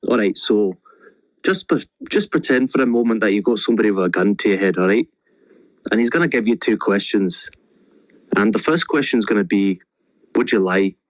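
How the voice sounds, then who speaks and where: A man's voice: on the low side, lively intonation, a little fast, no echo, rough recording. A man with a Scottish accent calling into an online debate, asking blunt, pressing questions. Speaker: caller.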